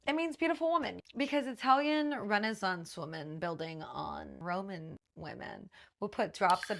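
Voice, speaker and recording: Animated woman with a gravelly edge. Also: mid-range voice. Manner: playful, riffing asides and whispered jokes. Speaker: host. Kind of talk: comedic casual monologue.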